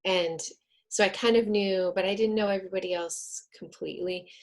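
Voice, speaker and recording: A woman on a video call, talking earnestly and then coaching a group through slow counted breathing. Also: medium pitch, fairly even intonation. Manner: soft, earnest, counts slowly. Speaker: wellness speaker.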